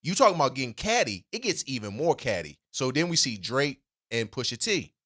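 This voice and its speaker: A man's voice: medium pitch, big pitch swings, a little fast, bright, forceful tone. A man co-hosting a podcast, telling stories in a casual chat with emphatic asides and restarts. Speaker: podcast co-host.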